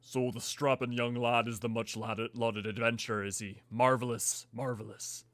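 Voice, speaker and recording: A man voicing a pompous, genteel older male merchant who speaks slowly and formally, reading game dialogue aloud. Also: medium pitch, flat delivery, fairly bright tone, no echo, close to an everyday voice. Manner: slow, formal, grand.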